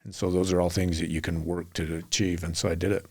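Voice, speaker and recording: A man's voice: low-pitched, little pitch movement, quick pace, husky. A middle-aged man from Utah, a podcast guest telling long rambling anecdotes and acting out the people in them. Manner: rambling anecdotal storyteller, acts out quotes. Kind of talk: storytelling in a podcast interview.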